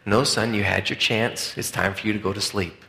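A man's voice: lowish voice, fairly even intonation, normal speed, creaky, bright, forceful tone. A man voicing a firm, tired mother who is warning her son at bedtime, in an echoey room. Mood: stern. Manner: stern, warning.

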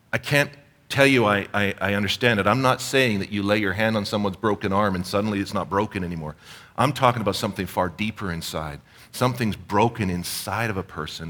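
Low-voiced Canadian man preaching earnestly. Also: a bit bright. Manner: earnest, conversational preaching with storytelling asides. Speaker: pastor. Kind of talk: sermon.

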